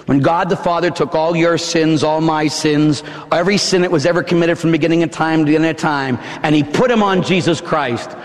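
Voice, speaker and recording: A male preacher giving a fiery sermon in a church, shouting emphatic lines with dramatic pauses. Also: a little high, steady tone. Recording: long hall reverb.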